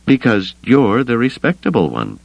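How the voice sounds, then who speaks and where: A man's voice: mid-range voice, huge pitch swings, moderate pace, creaky, no echo, muffled recording, pitched above the performer's own voice, heavily acted. A man voicing a stubborn, worried smuggler pilot in an audiobook, blunt and brooding. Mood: earnest.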